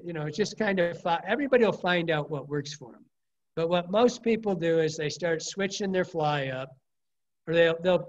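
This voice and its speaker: A middle-aged man with a somewhat high voice teaches fly fishing in a loose, rambling way, piling up anecdotes with false starts and casual swearing. The recording sounds dull and lo-fi. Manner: rambling, colorful storyteller with frequent restarts and mild swearing.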